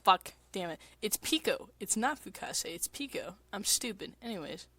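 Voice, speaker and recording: A woman's voice: medium pitch, lively intonation, normal speed, fairly bright tone, breathy edge, dry recording. Congested woman rambling and swearing casually. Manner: crude, swears often, rambling with fillers. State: congested, mucusy throat. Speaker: streamer. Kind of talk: casual rambling stream chat. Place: basement apartment.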